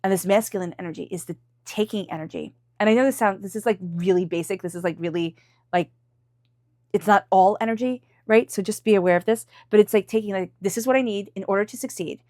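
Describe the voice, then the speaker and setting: A woman's voice: mid-range voice, a little fast, no room sound, clean studio sound. Chatty woman doing a tarot reading. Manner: chatty, repeats soft invocations while drawing cards. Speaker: tarot reader.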